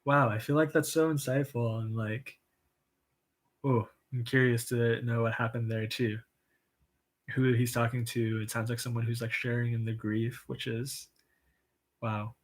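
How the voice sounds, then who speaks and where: A man hosting a casual livestream, reading viewer comments with an upbeat, encouraging manner, lots of "um" and soft laughs. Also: mid-range voice, level tone, unhurried, pauses often. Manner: chatty and enthusiastic, frequent "um" and soft laughs; says "y'all", upbeat and encouraging. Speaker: livestream write-in host.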